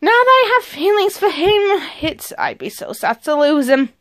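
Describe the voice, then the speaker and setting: A young woman reading an interactive story game aloud and chatting through it with animated, giggly asides. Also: sits high, normal speed. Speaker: let's play reader.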